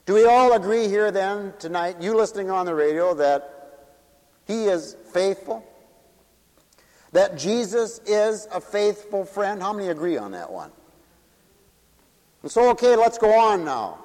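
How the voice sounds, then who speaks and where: High-voiced preacher man in a reverberant hall. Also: lively intonation, measured pace, pauses often. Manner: dramatic, swings between loud peaks and hushed low drops, many rhetorical questions. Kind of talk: sermon to a congregation, also broadcast on radio.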